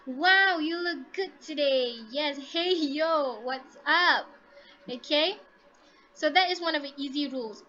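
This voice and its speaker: A woman's voice: high-pitched, fairly bright tone, dull audio. A woman teaching English to a class over a video call, encouraging her students and modelling intonation aloud.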